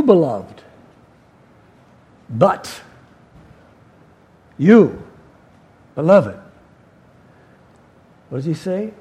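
A man's voice: fairly high pitch, dark tone, husky. A middle-aged male pastor preaching a sermon, emphatic, repeating key words and asking the congregation questions.

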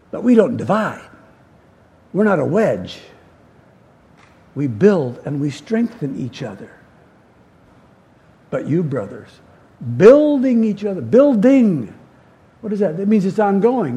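A man's voice: high-pitched, gravelly, warm tone, slightly rough. A middle-aged male pastor preaching a sermon, emphatic, repeating key words and asking the congregation questions.

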